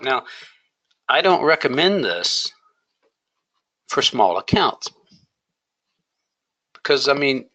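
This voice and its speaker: Bright, emphatic male trading coach. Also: medium pitch, rough recording. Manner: emphatic, coaching, rhetorical questions. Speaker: trading educator. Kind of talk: screen-share trading lesson.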